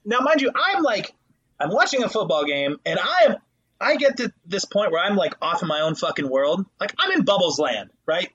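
Husky, lively-voiced man in casual chat. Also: high voice, normal speed, dull audio. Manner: profane, animated storyteller. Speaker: podcast co-host.

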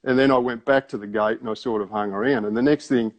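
A man's voice: medium pitch, steady tone, fast talker. A man with an Australian accent telling a story in a wry, conversational way full of asides. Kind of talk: casual spoken storytelling.

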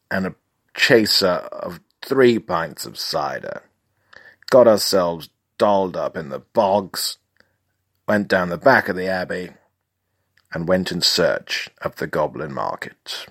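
Deep-voiced deadpan storyteller man. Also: slow pace, long pauses, dry recording, clean studio sound. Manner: mock-grand, deadpan, profane. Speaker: comic storyteller. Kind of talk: comic story narration.

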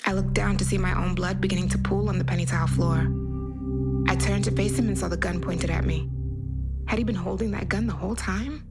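A woman's voice: on the low side, steady tone, fairly quick. Woman narrating horror over music. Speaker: podcast host and storyteller. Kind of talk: scripted first-person horror narration.

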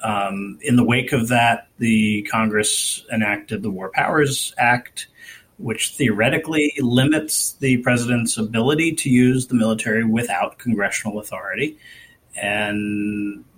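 A man on a political discussion panel, speaking in a measured, analytical way. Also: lowish voice, fairly even intonation, a bit bright, breathy edge, poor audio.

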